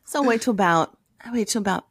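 A woman, co-hosting a podcast and telling animated, profane stories with lots of laughter. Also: medium pitch, quick pace, slightly rough, dry recording. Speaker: podcast co-host. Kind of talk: casual storytelling chat.

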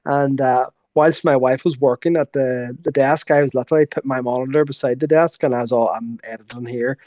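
A man's voice: medium pitch, fairly even intonation, brisk, a little mellow, dry recording, lo-fi sound. A man co-hosting a podcast, rambling and stumbling through his points with a laugh. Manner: rambling, full of fillers and restarts, laughs. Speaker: podcast co-host. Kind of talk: casual podcast chat.

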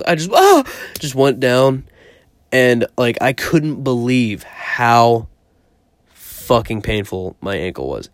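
Young dude swearing his way through a story, clear smooth voice, dry close sound. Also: medium pitch, dry recording. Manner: profane, rambling, self-mocking. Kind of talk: casual storytelling.

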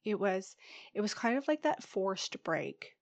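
A young woman hosting her podcast alone, speaking in an open, chatty way with lots of "you guys" and "like." A head cold leaves her a touch husky and stuffed-up, her voice sitting at an ordinary middle pitch. The recording is close and dry, with no room sound. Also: sing-song, unhurried, no echo. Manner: chatty and candid, often says "you guys" and "like". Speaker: podcast host. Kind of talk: solo podcast monologue.

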